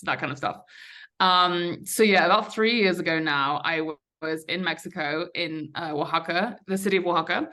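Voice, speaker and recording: A young woman speaks as a podcast guest, telling her own story in a chatty, candid way. Her voice sits on the low side yet rings bright and forward. She pauses on fillers and restarts her sentences as she goes. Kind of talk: conversational storytelling.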